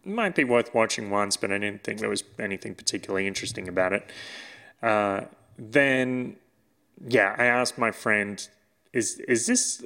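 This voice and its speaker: A man's voice: lowish voice, bright, forceful tone, clear, resonant tone. A man co-hosting a casual podcast chat, telling stories and laughing often. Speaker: podcast co-host.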